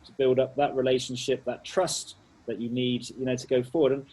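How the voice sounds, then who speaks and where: A man hosting a remote interview, asking thoughtful, measured questions over a call. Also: medium pitch, little pitch movement, mellow, poor audio.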